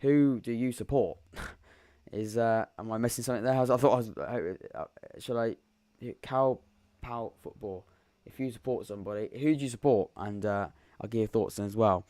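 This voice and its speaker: A man's voice: lowish voice, normal speed, dark tone, dry recording. A young man hosting a live football podcast, chatting casually and thinking aloud as he reads viewer comments. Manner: rambling, thinks aloud while reading comments. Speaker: podcast host. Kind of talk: live-stream football chat.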